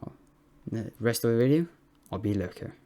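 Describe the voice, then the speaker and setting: A man's voice: mid-range voice, expressive, a little fast, dark tone, a little hiss or hum. A man introducing his own game video casually, rambling with fillers and restarts. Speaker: amateur game caster.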